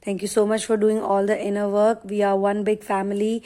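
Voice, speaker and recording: A woman's voice: medium pitch, monotone, brisk, dark tone. A woman from India giving a casual spoken channeling talk as a tarot reader, earnest and emphatic, with frequent fillers and restarts.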